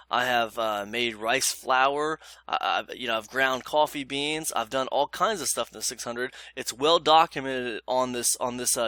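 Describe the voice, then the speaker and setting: A man's voice: medium pitch, sharp tone, no room sound. A man casually reviewing blenders for his vlog, chatty and emphatic, with lots of fillers and "you guys". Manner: emphatic, repeats points.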